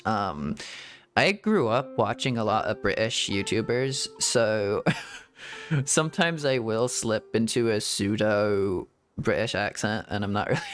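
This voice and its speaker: A VTuber streamer chatting casually and rambling through a game stream, full of "like"s, restarts and giggles. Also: medium pitch. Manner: rambling, filler-heavy talk with many "like"s and restarts; frequent giggling. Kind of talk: casual gaming stream chat.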